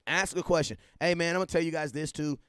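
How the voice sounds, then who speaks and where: A man hosting a casual sports livestream, talking animatedly, repeating himself and giving shout-outs to viewers. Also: a little high, steady tone, fast talker, smooth, dry recording, clean studio sound. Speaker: livestream host.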